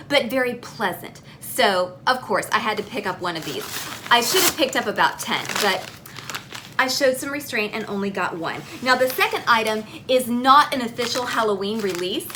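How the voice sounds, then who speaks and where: A young woman talks through a shopping haul in a playful, self-mocking way and swears now and then. Her voice is bright and forward and sits a little higher than most. There is a faint hiss of noise under it. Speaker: beauty vlogger. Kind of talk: casual haul video.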